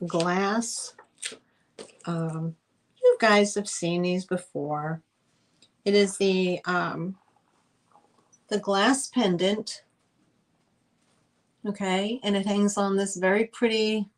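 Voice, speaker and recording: A woman's voice: mid-range voice, slight background noise. A woman hosting a casual live-stream vintage sale, chatty and rambling with lots of fillers. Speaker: host selling vintage items.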